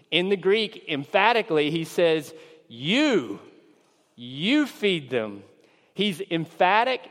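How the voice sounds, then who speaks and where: Slow-preaching man in a reverberant hall. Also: fairly high pitch. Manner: acts out disciples' lines in raised, excited voice; earnest, measured preaching with emphatic stresses. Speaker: pastor. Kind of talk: sermon.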